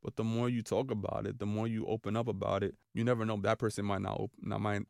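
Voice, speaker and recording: A man from Brooklyn with a New York accent, talking as a podcast guest in casual conversation, animated and full of fillers and repeated phrases. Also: on the low side, quick pace, vocal fry, no echo, clean studio sound.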